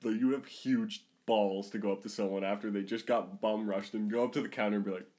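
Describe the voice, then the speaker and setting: A man's voice: on the low side, steady tone, quick pace, a little mellow. A man from Canada chatting casually, skeptical and teasing, laughing often. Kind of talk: casual chat.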